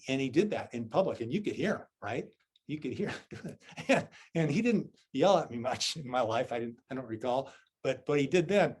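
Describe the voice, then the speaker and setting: A man's voice: medium pitch, slightly rough. Southern man giving a conversational Zen talk. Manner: conversational, checks in with listeners with "right?" and "okay?"; self-deprecating, storytelling. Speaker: Zen teacher. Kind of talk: dharma talk with a personal story.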